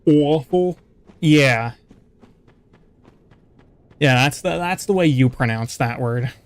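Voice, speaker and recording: A man's voice: mid-range voice, takes it slowly, no room sound. A man streaming a video game, rambling casually and poking fun at himself while chatting with viewers. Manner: rambling, self-deprecating, chatty with stream chat. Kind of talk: casual gaming commentary.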